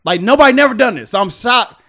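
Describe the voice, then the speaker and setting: A man's voice: very high-pitched, expressive, fast talker, a crowd in the background. A man on a casual podcast, insistent and repetitive, filling his talk with "like". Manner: repetitive, heavy use of "like", insistent.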